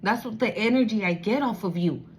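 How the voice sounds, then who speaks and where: A woman's voice: mid-range voice, a little fast, a little hiss or hum. A woman giving a casual spiritual card reading, blunt, profane and streetwise, turning emotional as she reads. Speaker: tarot reader.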